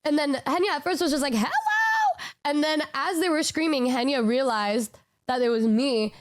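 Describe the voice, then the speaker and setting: High-voiced woman telling a rambling story. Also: steady tone, moderate pace. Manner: rambling, stammering storyteller who acts out quotes. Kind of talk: casual stream chat.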